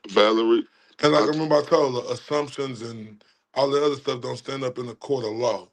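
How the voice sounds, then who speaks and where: A man from Texas hosting a livestream, mocking a caller and talking straight to his chat, swinging between loud outbursts and low asides. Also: rough recording. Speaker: livestream host. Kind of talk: livestream commentary on a replayed call.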